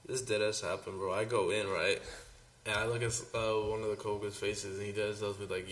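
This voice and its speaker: A man's voice: lowish voice, steady tone, a little fast, a bit bright. A man co-hosting a podcast, telling a work story in a laid-back, slangy, profane way. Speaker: podcast co-host. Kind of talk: casual storytelling.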